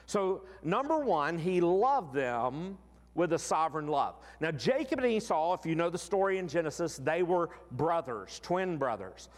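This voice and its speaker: A man preaches in a lively, rising and falling voice, often slowing right down on the words he wants to land. His slightly high voice carries a long reverb that trails after each phrase. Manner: expressive, slows down for emphasis. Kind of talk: sermon.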